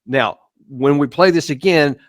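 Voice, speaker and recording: A man's voice: on the high side, measured pace, no room sound, clean studio sound. A man hosting a live show, walking viewers step by step through video clips in an emphatic commentary style.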